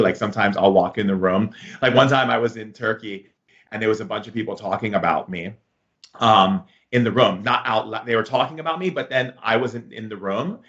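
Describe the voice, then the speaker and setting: A man's voice: lowish voice, fairly bright tone. Rambling man with a dull lo-fi sound. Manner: rambling, with many fillers and restarts. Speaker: spiritual teacher. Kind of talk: casual monologue.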